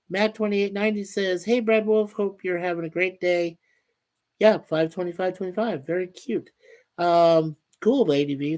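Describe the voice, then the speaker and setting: A man hosting a casual live stream. He reads chat messages aloud and talks in an upbeat, rambling way. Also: a little high. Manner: upbeat and easily delighted.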